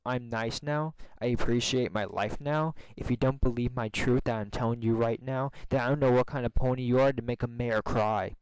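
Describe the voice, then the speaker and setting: A man voicing a smooth-talking stallion pony. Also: medium pitch, normal speed, hardly any pauses, dry recording, natural voice, low-quality recording. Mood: defensive. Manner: flattering, defensive, casual. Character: smooth-talking young male pony, former bully.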